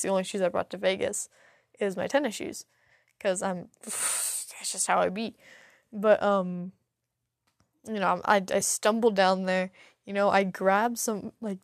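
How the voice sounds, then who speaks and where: A woman's voice: mid-range voice, no room sound, clean studio sound. A young adult woman hosting a podcast, telling a rambling, profane story full of stuttering restarts. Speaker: podcast host. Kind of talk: casual solo storytelling.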